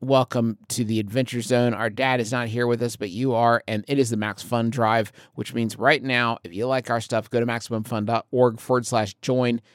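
A man co-hosting a tabletop game podcast in casual, excitable chat. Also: medium pitch, normal speed, few pauses, no room sound, clean studio sound. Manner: excitable, laughs often. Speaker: podcast co-host and player.

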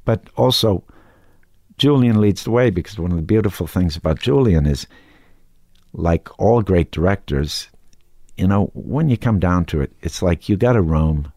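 A man talking casually as an actor guest in an interview, halting, with many restarts and fillers. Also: low voice, animated, mellow, no echo, clean studio sound.

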